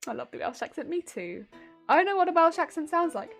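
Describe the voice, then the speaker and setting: A woman's voice: very high voice, big pitch swings, quick pace, creaky, faint music behind. A woman streamer chatting casually with her viewers, laughing often and restarting her sentences.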